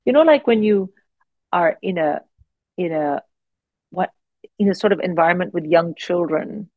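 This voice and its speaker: A woman in her forties, a guest comedian telling animated stories in casual podcast chat. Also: lowish voice, moderate pace, dry recording, phone-quality sound. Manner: animated, expressive anecdotes with frequent restarts.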